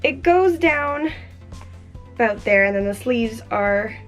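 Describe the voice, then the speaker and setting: Young female vlogger, high bright voice, gushing and bubbly, faint music under her. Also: lively intonation, slow pace. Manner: gushing, bubbly, repeats "oh my gosh". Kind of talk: excited unboxing vlog.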